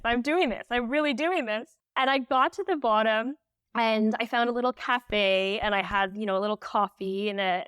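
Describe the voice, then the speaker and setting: A woman speaks as a podcast guest, telling her story in an animated, candid way with plenty of "like" fillers. Her voice sits a little high and sounds smooth and clear. The recording is dry and close. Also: dry recording. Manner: emotional when recalling.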